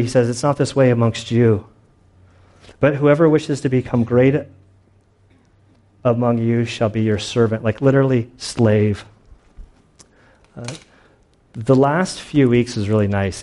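A male pastor delivering a sermon in a relaxed, conversational way. He tells anecdotes casually and acts out the people in his stories, with a voice of middling pitch. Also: unhurried, pauses often. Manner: casual storytelling, animated retellings.

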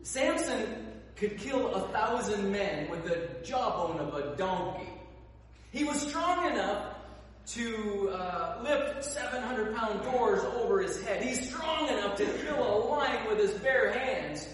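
A male pastor preaches with lively, storytelling energy, acting out the people in his tale. His slightly high voice is heard from a distance, ringing through a large, reverberant hall with a faint background hum. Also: slow. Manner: animated storytelling, acts out characters. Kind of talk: sermon. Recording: echoey hall, voice from far off.

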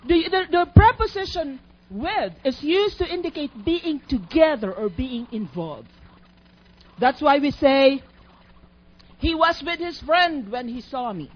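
A woman's voice: high voice, animated, a little slow. A woman preaching a sermon in an emphatic, teacherly way, asking her listeners questions. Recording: dull lo-fi recording.

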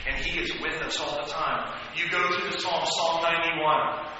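A pastor preaches a sermon in a church hall, speaking conversationally before rising into fervent prayer. His voice is a little high, bright and forceful, with a steady tone at normal speed. The recording is echoey and dull, with faint noise.

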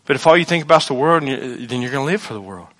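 A man preaching a sermon as pastor, animated, acting out quoted voices and swinging between loud outbursts and quiet asides. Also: mid-range voice, very fast.

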